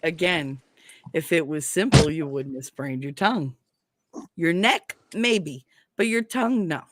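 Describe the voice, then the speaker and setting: A woman's voice: deep voice, measured pace, slight background noise. A woman trading crude, laughing banter in a casual chat.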